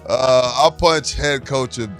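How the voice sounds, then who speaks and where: A man's voice: medium pitch, slow, fairly bright tone, soft background music. A man co-hosting a sports podcast, ranting hotly and mocking the people he quotes. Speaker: podcast co-host. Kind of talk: casual sports chat.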